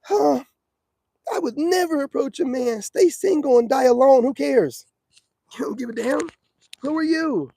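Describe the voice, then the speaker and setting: Man mimicking a shrill, scornful woman online. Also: lively intonation, unhurried, gravelly, pauses often, warm tone, no echo, full character voice. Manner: mocking, high-pitched imitation.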